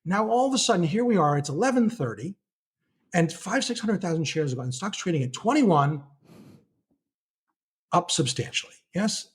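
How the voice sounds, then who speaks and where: Husky middle-aged man, animated storyteller. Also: high-pitched, normal speed, long pauses. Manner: animated storyteller who acts out trading-desk dialogue. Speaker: guest market analyst. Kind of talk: casual podcast interview.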